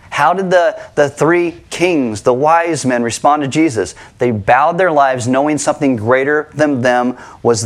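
A middle-aged man preaching a sermon to his congregation, conversational and animated, asking rhetorical questions. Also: a little high. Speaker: pastor. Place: church sanctuary with congregation.

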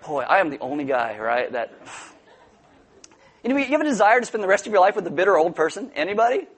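A male pastor with a notably high voice delivers a sermon. He talks to the congregation in a loose, joking way and now and then breaks into loud outbursts. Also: very animated, fast talker, husky. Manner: joking, conversational preaching with sudden loud outbursts. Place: church before a congregation.

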